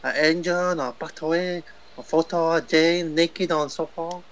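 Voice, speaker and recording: A man putting on a gruff workshop boss with clipped, broken English, fairly high-pitched. Recorded on a slightly dull mic. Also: steady tone, measured pace. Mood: suspicious.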